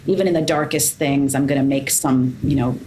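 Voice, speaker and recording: Low voice lady guest on a podcast, dry sarcastic jokes, little hiss in the room. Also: steady tone, a little fast, mellow. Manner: sarcastic, laughs often. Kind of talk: casual interview chat.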